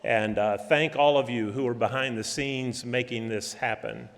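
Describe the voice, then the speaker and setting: A middle-aged man preaching a sermon in a church, folksy and halting, with many restarts and fillers. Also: medium pitch, fairly even intonation. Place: church hall. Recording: reverberant church hall.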